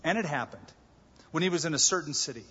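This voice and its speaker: Man, preaching, animated, acts out voices, husky tone, long hall echo. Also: fairly high pitch, fast. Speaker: pastor. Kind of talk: sermon. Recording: dull, echoey large hall.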